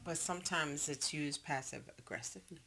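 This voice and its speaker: A woman's voice: low voice, a little fast, creaky, pushed and bright. A woman co-hosting a casual podcast, reading items out and teasing her co-host. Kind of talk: casual chat.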